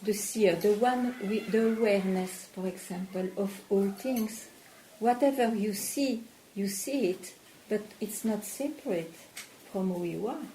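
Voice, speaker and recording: A woman spiritual teacher in a satsang dialogue, talking slowly and probing with questions. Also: mid-range voice, dark tone. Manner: slow, probing, questions the listener. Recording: echoey room with faint noise.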